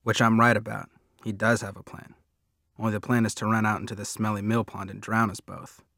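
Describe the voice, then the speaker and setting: A man reads a first-person audiobook in a low, fairly flat voice, steady and plain. The close studio mic leaves the sound completely dry. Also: fairly quick, gravelly, no echo. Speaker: audiobook narrator.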